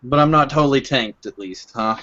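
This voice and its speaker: A man playing a tabletop game, in a relaxed, joking way. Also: medium pitch, fairly quick, lo-fi sound. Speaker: player. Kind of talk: casual tabletop play.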